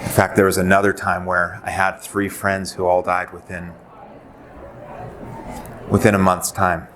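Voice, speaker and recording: Man, forties, nurse speaking to a crowd; deep low voice, earnest storyteller who acts out dialogue, audible room noise. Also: completely flat delivery, measured pace, fairly bright tone. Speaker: nurse and suicide prevention speaker. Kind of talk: personal story in a presentation. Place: presentation venue. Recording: noisy live presentation audio.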